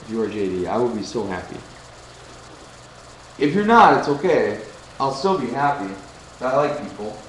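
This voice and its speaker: A man's voice: mid-range voice, big pitch swings, normal speed, pauses often, fairly bright tone. Rambling young man on a noisy webcam. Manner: joking, crude, easily distracted. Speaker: webcam streamer chatting with viewers. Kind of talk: casual rambling live chat. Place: home kitchen. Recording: roomy home room with noisy background.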